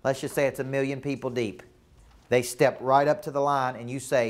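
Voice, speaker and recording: A man's voice: medium pitch, flat delivery, fairly quick. A man with a Southern US accent teaching a live coaching seminar, emphatic and repetitive, often checking that the room follows him. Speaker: business coach.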